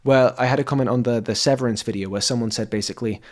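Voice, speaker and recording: A man's voice: medium pitch, fairly even intonation, rapid-fire, hardly any pauses. A British man with a non-posh English accent hosting a podcast, chatting in a joking, self-deprecating way. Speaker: podcast host. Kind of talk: casual chat.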